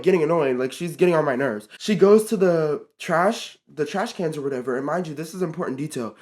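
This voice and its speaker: Rambling teen storyteller, mid-pitched voice. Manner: rambling, full of fillers and swearing. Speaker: vlogger. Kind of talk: casual storytime.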